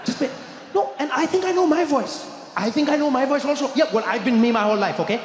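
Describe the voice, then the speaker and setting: A man doing a strained, high disguised voice on a phone call, hurried and evasive. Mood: flustered. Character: man faking a strange high voice on the phone, flustered. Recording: echoey hall with crowd noise.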